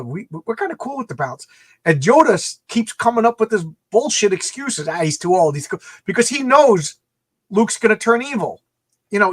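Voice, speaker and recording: A man in casual podcast chat, animated, acting out quoted lines in different voices. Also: sits high, dry recording. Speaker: podcast co-host.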